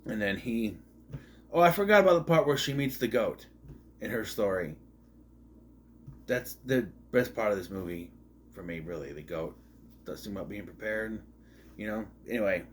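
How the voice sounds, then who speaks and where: A man's voice: fairly low pitch, lively intonation, normal speed, pauses often, slight background noise. A man giving a casual, rambling movie review with sarcastic asides and frequent restarts.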